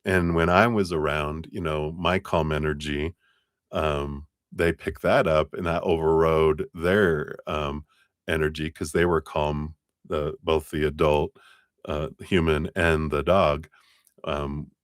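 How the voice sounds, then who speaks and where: A man's voice: extremely low pitch, steady tone, takes it slowly, dry recording, studio quality. A man giving a casual live tarot reading, chatting, storytelling and laughing often. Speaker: tarot reader on a live stream.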